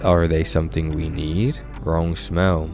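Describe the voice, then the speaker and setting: Eerie deep-voiced kid, a man voicing him, flat and terse, game dialogue. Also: unhurried, vocal fry, faint music behind, heavily acted. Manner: flat, low, blunt short answers. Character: strange deep-voiced orphan child. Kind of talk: video game voice acting.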